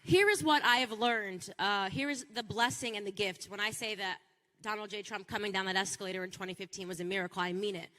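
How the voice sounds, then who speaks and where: A woman delivering an impassioned political speech, emphatic and repetitive for effect, building to near-shouting peaks. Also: mid-range voice, quick pace, long reverb tail. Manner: repeats phrases for rhetorical punch. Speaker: political speaker.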